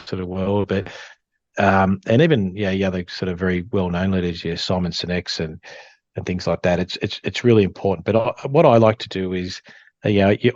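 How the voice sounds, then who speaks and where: A middle-aged Australian man with a low, deep voice talks loosely and at length, calling his host "mate" as he goes. The sound is dry and close, but the audio is dull and muffled. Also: no room sound. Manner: rambling, says "mate" often. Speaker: guest, former police officer and firefighter. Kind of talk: casual interview chat.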